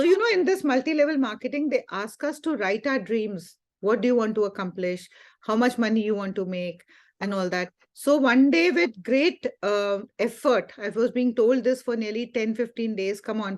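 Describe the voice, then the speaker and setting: A woman's voice: on the high side, a little mellow. Woman, spiritual teacher, earnest, conversational testimony. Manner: earnest storytelling with frequent fillers and quoted dialogue. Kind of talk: personal testimony in a Sunday talk.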